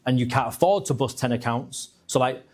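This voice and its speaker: A man's voice: medium pitch, lively intonation, darkish tone. A man hosting a panel at a live event, encouraging the guests and crowd. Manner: encouraging, quick asides. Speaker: event host.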